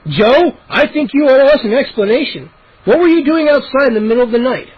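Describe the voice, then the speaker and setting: A man's voice: high voice, expressive, brisk, slightly rough, exaggerated voice. A man voicing a stern middle-aged father who snaps out punishments, in a dull lo-fi home recording. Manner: firm and scolding.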